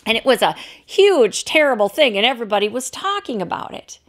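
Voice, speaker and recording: A woman's voice: on the high side, very animated, fairly quick, a bit bright. A woman pastor preaching a sermon, telling a story in a loose, unscripted way. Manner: storytelling, unscripted with fillers and restarts.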